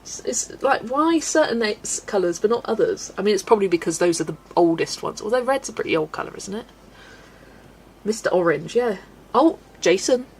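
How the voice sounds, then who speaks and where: With a mid-range, darkish voice, a woman talks animatedly and a little fast while hosting a colouring livestream. She reads viewers' live comments, chats casually and laughs often, against faint background noise.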